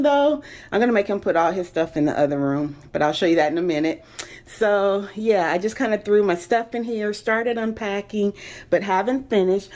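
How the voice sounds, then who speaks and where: A woman's voice: medium pitch, a little mellow. A young adult woman vlogging casually as she walks through her apartment, chatting enthusiastically and straight to her viewers. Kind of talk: casual apartment tour vlog. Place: indoors in an apartment, walking room to room.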